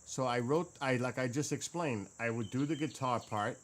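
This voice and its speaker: A man in a mid-pitched voice who chats casually and mutters to himself while searching through his files. He drifts between quiet asides and fuller explanations. Faint crickets and insects chirp in the background. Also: normal speed, few pauses, a little hiss or hum. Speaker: gaming streamer and drummer. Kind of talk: casual chat.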